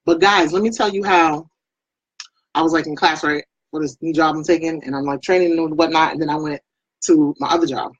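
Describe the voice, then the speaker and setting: Husky-voiced chatty woman vlogger. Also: low-pitched, fairly even intonation, brisk, no echo, highs cut off. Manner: chatty and rambling, greets viewers by name. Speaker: makeup vlogger and beauty product presenter. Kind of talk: casual live-stream chat.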